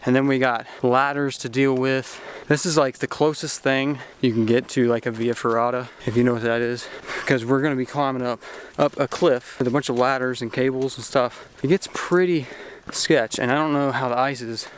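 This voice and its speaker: A man's voice: medium pitch, steady tone, moderate pace, a little hiss or hum. A young man vlogging casually to camera while hiking a mountain trail, out of breath as he climbs. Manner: hiking uphill while talking. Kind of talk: casual vlog talk to camera.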